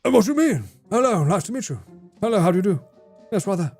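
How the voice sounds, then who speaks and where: A man voicing a prim, posh young British gentleman with exaggerated upper-class enunciation. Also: high voice, very animated, quick pace, faint music behind, pitched above the performer's own voice, full character voice.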